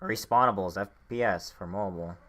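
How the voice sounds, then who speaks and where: With slight background noise behind him, a young man co-hosting a casual podcast rambles, swears and uses many filler words while hiccuping. His low voice is a bit bright and moves briskly.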